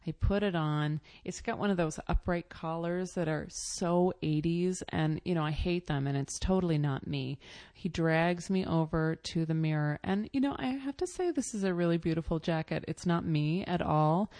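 A woman with a low, gravelly voice recounting a personal story in a loose, halting way. Her tone is dark and mellow, and the recording is close and dry. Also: no echo. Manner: rambling, halting, many fillers and self-corrections. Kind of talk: casual spoken storytelling.

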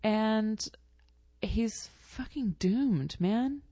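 A woman's voice: a little high, lively intonation, extremely slow, warm tone, dry recording. A woman telling a personal story in a casual, rambling way, full of fillers and self-corrections.

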